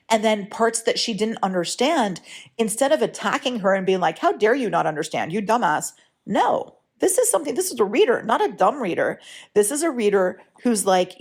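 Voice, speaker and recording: A woman who works as a writing coach, hosting a podcast in a casual, frank way, often checking in with "right?". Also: mid-range voice. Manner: chatty, keeps checking in with "right?"; frank, lightly profane. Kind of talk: casual solo podcast talk.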